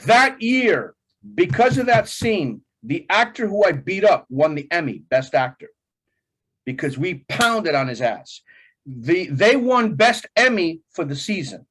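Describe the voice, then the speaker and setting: A middle-aged man telling a story with plenty of energy, his pitch leaping around as he talks. He laughs often and jumps into a much higher voice when he quotes people. It comes across as loose, animated conversation as an interview guest. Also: measured pace, husky.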